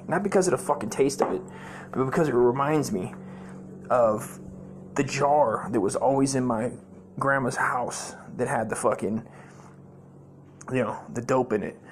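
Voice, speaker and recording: Male comedy podcast host, profane rambling storyteller, mid-pitched, faint hiss behind. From United States.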